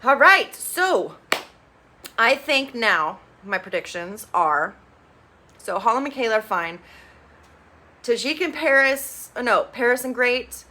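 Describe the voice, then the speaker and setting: A woman recapping a reality show in a casual, blunt and expressive way, swearing freely. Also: on the high side, slow, pauses often. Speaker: TV reviewer.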